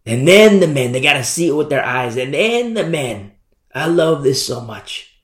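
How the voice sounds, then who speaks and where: A man's voice: fairly high pitch, very animated, moderate pace, reverberant. A male pastor preaching a fiery sermon and acting out scenes from scripture.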